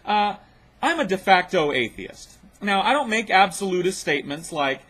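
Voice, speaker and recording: Husky high-voiced man ranting. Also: very animated, normal speed, a bit bright. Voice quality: blunt, mocking, swears freely. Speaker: video host rebutting a clip. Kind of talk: profane sarcastic rant.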